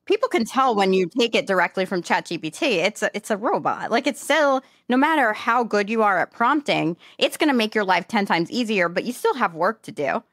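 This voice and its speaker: A woman with a New York accent, co-hosting a podcast in casual, animated chat, self-described as audacious and bold. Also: medium pitch, a little fast, few pauses, no echo, clean studio sound. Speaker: podcast co-host.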